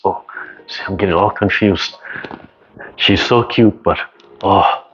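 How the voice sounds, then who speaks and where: A man teaching tai chi over a video call, telling casual family stories and giving calm, unhurried movement cues. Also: low-pitched, husky. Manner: calm, unhurried cueing with many "right?" checks. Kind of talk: casual storytelling and guided exercise cues. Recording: dull lo-fi video call audio.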